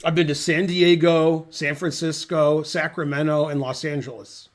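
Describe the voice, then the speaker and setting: A middle-aged man with a slightly higher-than-usual voice, casually commentating a chess game. He drifts into long, dry, rambling digressions. His delivery is loose, offhand and conversational. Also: little pitch movement, normal speed, soft background music.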